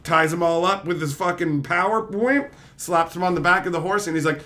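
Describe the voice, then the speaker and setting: Host retelling comics, swears a ton, rambling and animated, bit higher voice. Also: male voice, normal speed. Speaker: channel host. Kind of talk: casual comic-book retelling.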